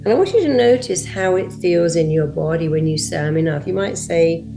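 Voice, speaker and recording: A woman's voice: on the low side, lively intonation, brisk, gravelly, warm tone, faint music behind. A woman hypnotherapist giving a motivational talk and guided self-hypnosis, with a direct, repetitive coaching delivery.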